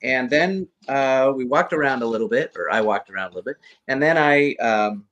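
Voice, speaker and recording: A man's voice: medium pitch, lively intonation, fairly quick, fairly bright tone. A man, a guest actor and costume performer, earnestly telling a rambling story over a video call. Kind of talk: casual storytelling interview.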